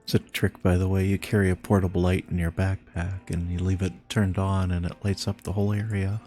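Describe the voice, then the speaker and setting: A man's voice: sits low, little pitch movement, a little fast, mellow. A sleepy, yawning man chatting casually while playing a game live, laid-back and swearing now and then. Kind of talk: casual live gameplay chat. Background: game music.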